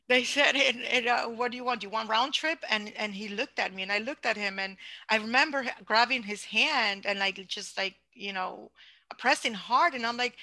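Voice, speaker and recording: Bright-voiced woman. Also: on the high side, normal speed, dry recording, poor audio. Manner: animated, acts out dialogue with many restarts. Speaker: guest. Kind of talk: storytelling in an interview.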